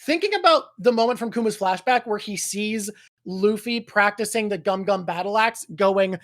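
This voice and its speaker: A woman's voice: mid-range voice, a little slow. Enthusiastic swearing woman co-host. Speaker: podcast co-host. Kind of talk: casual chat.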